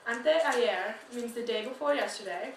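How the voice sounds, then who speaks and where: A woman's voice: fairly high pitch, moderate pace, slight background noise. A teenage girl reading a grammar lesson as a student presenter, going through a list of phrases and their meanings. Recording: very echoey room, mic at a distance.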